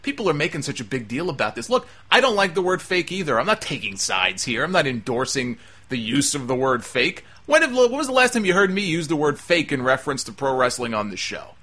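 A man's voice: on the high side, sing-song, a little fast, few pauses, sharp tone. A man hosting a talk show, delivering an emphatic, exasperated opinion monologue. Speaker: wrestling talk show host.

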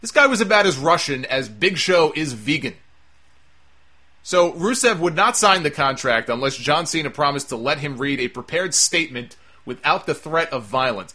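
A man's voice: fairly high pitch, pushed and bright. A man giving a casual, sarcastic review of a wrestling show. He sounds exasperated and swears freely.

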